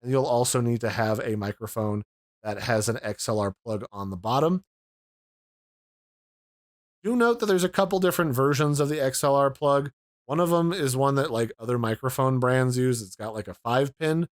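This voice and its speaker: A man's voice: medium pitch, moderate pace, no room sound, studio quality. A man reviewing and unboxing an audio mixer in a casual, explanatory way. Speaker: tech reviewer.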